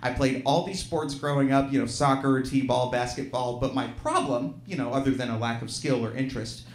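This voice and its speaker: A man's voice: mid-range voice, normal speed. A man from Alabama telling a true story at a live storytelling show, self-deprecating and laughing through his lines. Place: live venue stage, audience present. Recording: roomy live venue sound.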